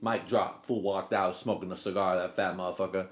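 A man's voice: low voice, steady tone, a little fast. Comedy podcast host, male, loose and profane, rambles and does goofy quote voices.

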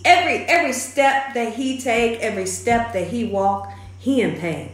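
A woman's voice: a little high, big pitch swings, moderate pace. A woman hosting her own vlog, telling a family story in a chatty, faith-filled way. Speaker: cooking channel host. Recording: roomy echo.

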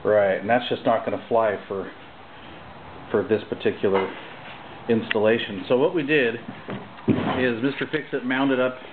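A man giving a relaxed, hesitant walkthrough of his home mechanic work, with many pauses and fillers. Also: medium pitch, slight background noise. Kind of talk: casual walkthrough demo. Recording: tinny phone-like camcorder audio.

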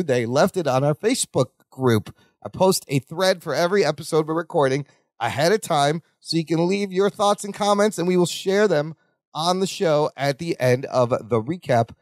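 A man's voice: fairly high pitch, dry recording, studio quality. A man co-hosting a podcast, chatting about a sitcom episode with jokey asides. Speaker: podcast co-host. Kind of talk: casual recap chat.

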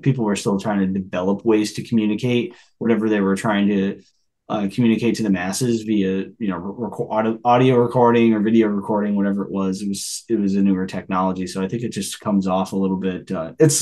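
A man's voice: on the low side, darkish tone. A man co-hosting a podcast in casual chat, rambling with many restarts. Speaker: podcast co-host.

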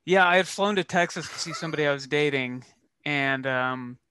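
Bright, crisp-voiced male co-host. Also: a little high, fairly quick, no room sound. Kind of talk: casual podcast chat.

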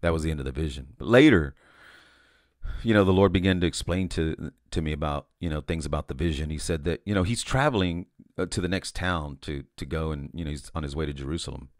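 A man with an extremely low voice talks fast, preaching an informal sermon in clean studio sound with no room sound. He describes a vision conversationally, repeating words, restarting often and saying "you know" a lot.

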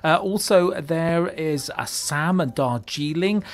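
A man's voice: on the high side, takes it slowly. A man co-hosting a radio chat, playful and wry. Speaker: radio co-host. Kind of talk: casual chat.

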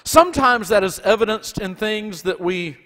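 A man's voice: high voice, animated, moderate pace, sharp tone, big-room sound. A man with a Southern accent preaching a folksy, conversational sermon as pastor in a church. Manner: folksy and conversational, with many restarts. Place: church sanctuary.

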